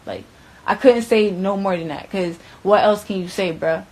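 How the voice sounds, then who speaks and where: A woman's voice: mid-range voice, fairly even intonation, moderate pace, darkish tone, slight background noise. A young woman telling a story in a casual way, blunt and profane, with lots of "like" and "bruh". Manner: blunt, profane, filler-heavy, keeps saying bruh and like. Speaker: witness recounting an event. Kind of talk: casual first-person storytelling.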